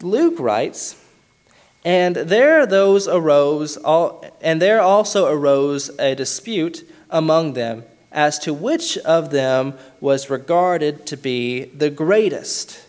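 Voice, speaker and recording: Earnest preaching man, slightly high voice. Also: expressive, darkish tone. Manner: earnest preaching with slow emphatic stresses on key words. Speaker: pastor. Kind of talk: sermon.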